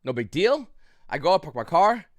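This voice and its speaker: A man's voice: on the high side, very animated, moderate pace, no room sound, studio quality. A man casually recounting a story to the camera, rambling with restarts and short of breath, with frequent coughs. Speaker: YouTube channel host.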